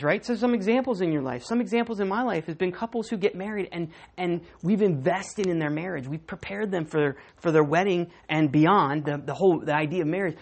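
An older woman pastor delivers a sermon in a loose, conversational manner. She keeps it lively and informal as she preaches. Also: mid-range voice. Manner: lively and conversational, acting out quotes and laughing.

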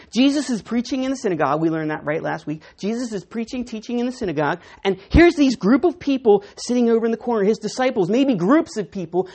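A woman's voice: on the high side, dark tone. A woman preaching a sermon in church, teaching in a conversational way and putting questions to the congregation.

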